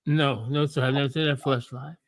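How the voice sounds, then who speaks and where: A man in a casual chat, answering in halting, hesitant bits. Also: medium pitch, fairly even intonation.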